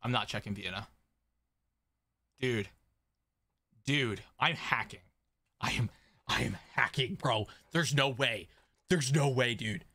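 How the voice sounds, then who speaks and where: A man streaming a strategy game live, swinging between excited shouts and quiet muttering, scolding his chat. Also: medium pitch, slow, pauses often, no room sound. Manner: swears mildly, talks to chat.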